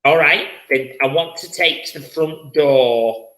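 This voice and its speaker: A man's voice: a little high, measured pace, a bit bright, reverberant, rough recording. A man hosting a live-streamed spirit reading as a psychic medium, chatty and effusive, often repeating his words.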